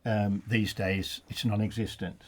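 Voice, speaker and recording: Man, black country accent, older, low voice, anecdotal, laughing at his own stories. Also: little pitch movement, unhurried. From England. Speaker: studio guest, former referee. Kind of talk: storytelling in a casual chat.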